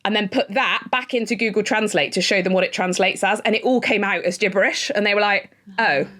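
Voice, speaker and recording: A woman in her thirties, co-hosting a podcast in casual chat, enthusiastic and talkative, acting out what people said in quick little voices. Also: medium pitch, fairly bright tone. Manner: chatty, enthusiastic, quotes others in little acted voices. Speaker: podcast co-host.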